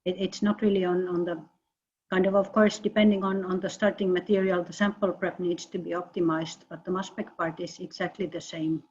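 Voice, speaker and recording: A woman researcher answering questions in an online meeting, halting and often repeating words. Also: on the low side, little pitch movement, darkish tone. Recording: muffled video-call audio.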